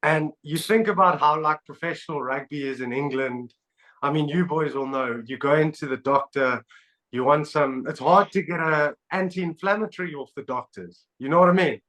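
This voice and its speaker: Animated high-voiced male podcast host. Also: normal speed, rough recording. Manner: animated storytelling, laughs often. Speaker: podcast host, former rugby player. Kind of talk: casual chat.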